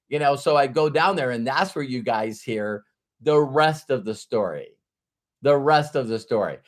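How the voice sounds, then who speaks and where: A man, a business coach, telling a motivational story in a casual, animated way, often restarting and repeating words. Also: fairly high pitch, moderate pace.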